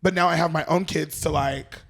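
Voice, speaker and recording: A man's voice: a little high, fairly even intonation, creaky. A man around thirty, a guest on a casual podcast, talking candidly and emotionally about mentoring and vulnerability. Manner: candid, emotional, quick asides.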